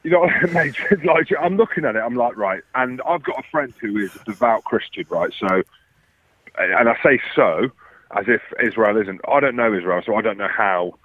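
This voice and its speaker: A man's voice: on the low side, normal speed, no room sound. Rambling Englishman on a muffled phone line. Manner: rambling, excitable, swears freely. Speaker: podcast co-host calling in by phone. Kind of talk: casual banter.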